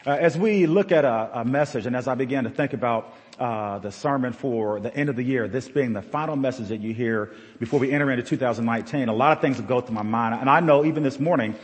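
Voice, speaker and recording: A middle-aged American man preaching a sermon to his congregation, telling stories in an animated way with sudden bursts of excitement. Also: fast, hardly any pauses, slightly rough, big-room sound. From United States. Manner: animated storytelling with shifting pitch and bursts of excitement. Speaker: pastor.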